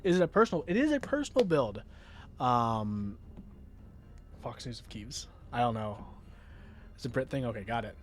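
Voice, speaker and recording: A man's voice: mid-range voice, very animated, moderate pace, pauses often, slight background noise. Rambling American man streaming. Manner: rambling, many restarts, reads chat aloud. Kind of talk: casual livestream chat. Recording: faint music in background.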